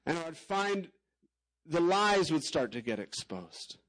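A man's voice: a little high, sing-song, measured pace, a bit bright, rough recording. A man preaching a sermon as a pastor, candid and conversational, with frequent casual fillers.

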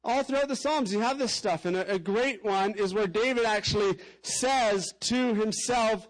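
A man's voice: high voice, moderate pace, hardly any pauses, rough recording. A man preaching a sermon as a pastor, candid and conversational, with frequent casual fillers.

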